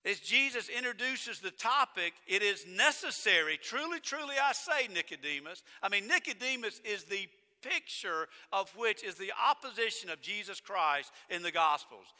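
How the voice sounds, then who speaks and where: Male preacher, bright forceful tone, stresses and repeats key words, reverberant sanctuary. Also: sits high, expressive, moderate pace, few pauses. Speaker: pastor. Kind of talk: sermon. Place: church sanctuary. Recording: long church reverb.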